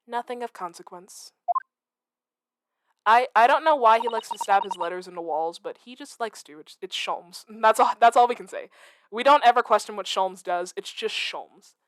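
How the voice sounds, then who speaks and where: A woman streaming a story game, chatting casually, excitable and giggly, teasing herself. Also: fairly high pitch, moderate pace, no room sound. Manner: excitable, giggly, self-mocking. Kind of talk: casual game let's-play commentary.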